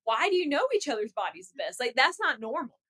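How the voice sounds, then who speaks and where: Wry, fairly high-voiced woman co-host. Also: big pitch swings, fast talker, fairly bright tone, breathy edge. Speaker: podcast co-host. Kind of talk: casual book chat.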